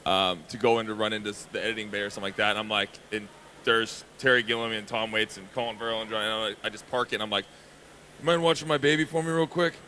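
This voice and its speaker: A man's voice: lowish voice, little pitch movement, racing, pushed and bright, slight background noise. A man on a convention panel, chatting in a loose, rambling way and swearing casually. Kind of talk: casual chat.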